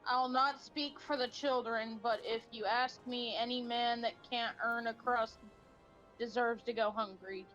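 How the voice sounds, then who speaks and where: A woman voicing a gruff, uncharitable townsperson with old-fashioned, blunt phrasing. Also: on the high side, steady tone, unhurried, fairly bright tone, highs cut off, soft background music.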